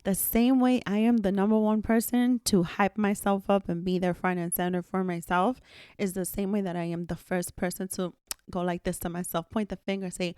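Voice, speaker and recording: A woman's voice: medium pitch, flat delivery, moderate pace, warm tone, clear, resonant tone, no echo, studio quality. A woman hosting her own podcast alone, talking candidly and emphatically and swearing freely. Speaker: podcast host. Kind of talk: solo podcast monologue.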